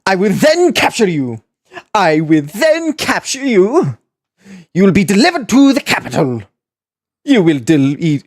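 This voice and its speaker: Pompous booming skeleton, played by a woman, theatrical, flamboyant, slow and drawn out. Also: sing-song, darkish tone. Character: loud pompous male skeleton, excitable and grandiose. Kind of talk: voice acting audition takes.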